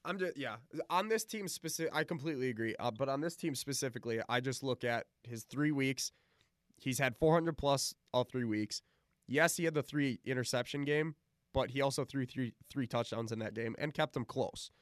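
A man's voice: medium pitch, moderate pace, no room sound, studio quality. A man co-hosting a casual sports podcast, agreeable and rambling, often restarting his sentences.

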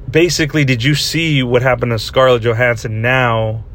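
A man's voice: medium pitch, fairly even intonation, moderate pace, few pauses, a bit bright, a little hiss or hum. A man hosting a comedy podcast, asking rambling, stammering interview questions. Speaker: podcast host playing interviewer.

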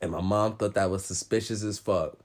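A man's voice: on the low side, fairly even intonation, fairly quick. A young adult man talking in loose, slangy, profane casual chat while telling a story.

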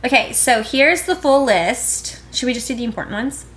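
A young woman co-hosting a casual podcast, breezy, reading a list of names with quick asides. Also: fairly high pitch, expressive, fairly bright tone. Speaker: podcast co-host.

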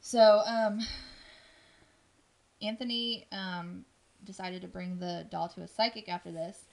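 A woman's voice: mid-range voice, steady tone, a little slow, creaky. A woman casually telling a spooky story on a podcast, rambling with lots of ums and likes.

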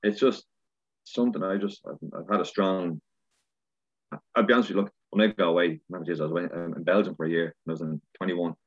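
A husky, low-pitched Irish man from Ireland talks fast as a podcast guest in a casual chat. He's an animated storyteller who swears freely, and the sound is dull and lo-fi.

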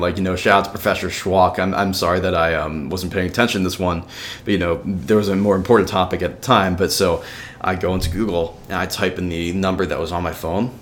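A young man from New York with a low, deep voice, talking as a podcast guest. He tells his story in loose, casual chat, packed with fillers and freely dropped swear words. A faint hiss of noise sits under his voice. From New York, USA. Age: 20s.

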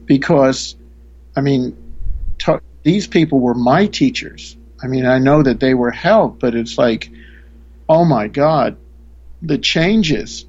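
A man's voice: medium pitch, expressive, slow pace, a little mellow, breathy edge, lo-fi sound. A man, a spiritual teacher, earnestly telling a story in a conversation, often restarting his sentences.

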